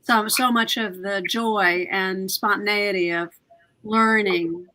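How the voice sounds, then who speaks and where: A middle-aged woman speaking as an author on a video-call panel, animated and self-deprecating. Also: mid-range voice, takes it slowly, poor audio. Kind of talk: casual panel discussion.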